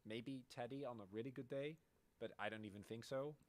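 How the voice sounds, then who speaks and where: A man chatting casually on an esports panel, quick to agree and throw in jokes. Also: mid-range voice, darkish tone. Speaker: esports analyst.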